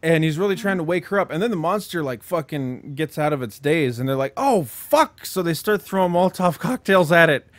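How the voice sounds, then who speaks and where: Speaking a little fast and a little high, with few pauses, a male podcast co-host casually recounts a horror movie's story. He swears freely and rambles, doubling back with heavy filler, constant "like," and restarts, and there's no room sound.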